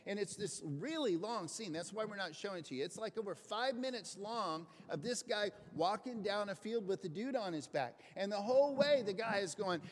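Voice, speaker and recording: A man's voice: sits high, animated, normal speed, hardly any pauses. A man preaching a conversational, earnest sermon in a church. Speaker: pastor. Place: church sanctuary. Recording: echoing hall, faint noise.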